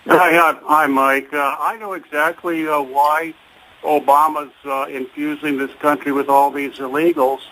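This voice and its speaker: A man's voice: a little high, flat delivery, a little slow, pushed and bright, rough recording. A man calling in to a talk radio show, speaking hesitantly with many stops and restarts. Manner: hesitant, full of fillers and restarts. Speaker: caller.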